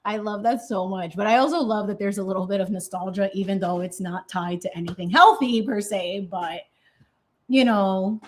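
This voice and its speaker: Sassy woman baking on a livestream in her kitchen, animated, talks right to chat, mid pitch. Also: normal speed. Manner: animated, sassy, talks straight to chat with lots of okay and honey. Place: home kitchen.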